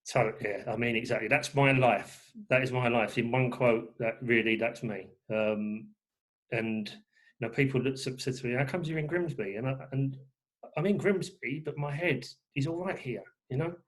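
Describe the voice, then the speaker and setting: A man's voice: mid-range voice, normal speed. A man from England, talking as a guest in a rambling way with many fillers and restarts. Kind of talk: casual conversation.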